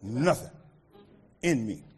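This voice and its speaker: A middle-aged American man preaching a sermon as pastor, animated, swinging from loud outbursts to quiet asides. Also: medium pitch, takes it slowly, slightly rough. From United States.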